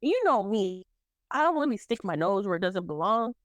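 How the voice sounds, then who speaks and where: Speaking a little fast in a mid-range voice with no echo, this podcast co-host tells her stories through easygoing chat. She brings them to life by performing other people's lines, laughing as she goes.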